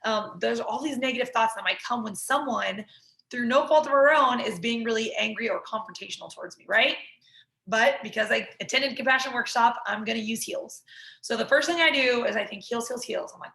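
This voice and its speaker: A woman's voice: on the high side, a little fast, gravelly, pushed and bright, roomy sound, poor audio. A woman instructor teaching a workshop in a conversational way, walking through an example and often checking in with the listener.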